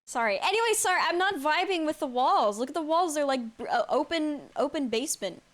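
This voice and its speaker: High, lively woman streaming a game. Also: brisk. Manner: chatty, reacts to the game and answers chat aloud, laughs often. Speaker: streamer playing a horror game. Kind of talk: casual live-stream chatter.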